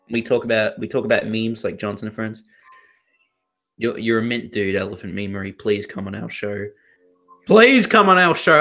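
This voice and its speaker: A young Australian man co-hosting a casual podcast chat, rambling with many fillers and restarts. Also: on the low side. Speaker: podcast co-host.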